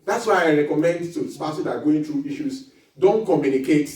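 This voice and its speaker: A man giving a lively marriage seminar talk, laughing often and acting out little dialogues as he teaches. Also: on the high side, brisk. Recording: echoey hall recording from far off.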